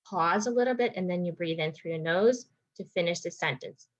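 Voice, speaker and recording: A woman's voice: fairly low pitch, fairly quick, rough recording. A woman speech therapist explaining strategies to parents in an informal, thinking-aloud teaching talk with frequent restarts.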